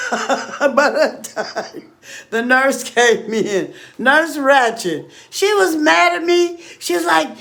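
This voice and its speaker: A woman telling a long rambling story in casual chat, animated, often laughing and acting out quoted voices, blunt and profane. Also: sits high, measured pace.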